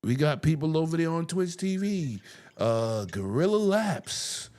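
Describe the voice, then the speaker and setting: A male podcast host in casual gaming chat. His pitch swings widely as he talks. He is loose and profane and breaks into loud laughs. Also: unhurried. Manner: animated, profane, laughs loudly.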